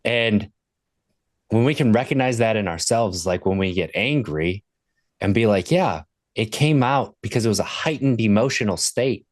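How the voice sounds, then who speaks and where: A man in his thirties with a lowish voice, a sobriety coach, is a podcast guest in a casual conversation, speaking animatedly at a moderate pace with no echo. He earnestly tells stories from his own life, retelling specific moments.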